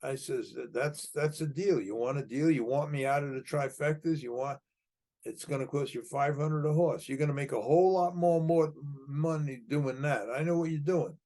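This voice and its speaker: As a podcast guest recounting his life, an older man from the United States spins a lengthy tale from his past, restarting and repeating words and performing tough-guy lines. He speaks at a moderate pace in a fairly high, mellow voice.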